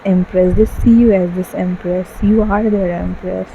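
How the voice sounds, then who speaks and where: A woman's voice: fairly low pitch, fairly even intonation, moderate pace, creaky, lo-fi sound, slight background noise. A woman giving an emotional tarot reading, gushing and full of fillers, tearful at times. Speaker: tarot card reader. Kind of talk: casual tarot reading monologue.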